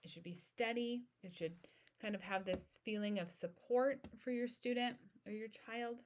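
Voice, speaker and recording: A woman in her thirties hosting an educational podcast, speaking in a calm, steady, instructive way. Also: on the high side, normal speed, slight background noise. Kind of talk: informational podcast monologue.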